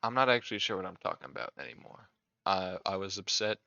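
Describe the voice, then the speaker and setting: A man's voice: low voice, lively intonation, fast talker, creaky, pushed and bright, dry recording. A man delivering an angry, profane comedic rant. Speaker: video creator. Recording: dull lo-fi recording.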